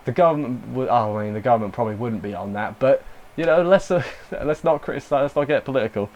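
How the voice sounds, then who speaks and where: A man's voice: mid-range voice, animated, fast talker, lo-fi sound. A young man casually recapping and reviewing an anime episode, rambling with self-deprecating asides and lots of fillers.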